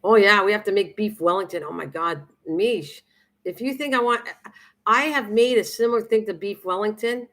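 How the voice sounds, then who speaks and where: A woman's voice: mid-range voice, moderate pace, fairly bright tone. Chatty, rambling woman live streamer. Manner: chatty, rambling, many restarts and fillers. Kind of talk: casual live stream chat with viewers.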